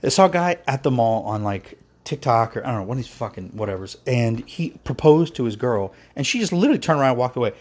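A man's voice: mid-range voice, lively intonation, quick pace, few pauses, a little mellow. A man on a podcast giving a heated, profane monologue, ranting with passion. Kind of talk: impassioned monologue.

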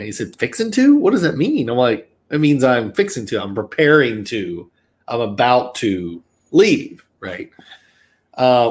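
A man with a Southern American accent hosting a podcast, talking casually with many fillers and digressions. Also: mid-range voice. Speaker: podcast host. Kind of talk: casual chat.

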